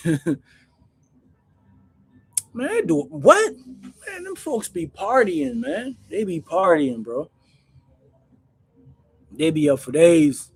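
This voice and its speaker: A man hosting his own channel, telling stories in a casual, animated, slangy way, calling everyone "bro". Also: a little high, very slow, pauses often, breathy edge. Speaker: channel host recounting prison life. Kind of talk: casual storytelling to camera.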